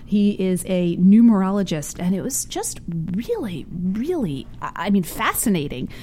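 A woman co-hosting a talk show, chatty and quick to laugh, reading a guest introduction. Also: medium pitch, sing-song, dark tone. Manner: chatty, laughs easily, restarts. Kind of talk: casual chat and read introduction.

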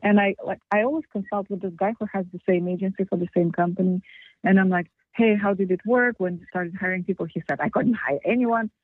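Fast, rambling woman on a tinny phone line. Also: mid-range voice, steady tone, no echo. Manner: rushed, rambling, self-critical. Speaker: coaching client. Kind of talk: call-in coaching session. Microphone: phone call.

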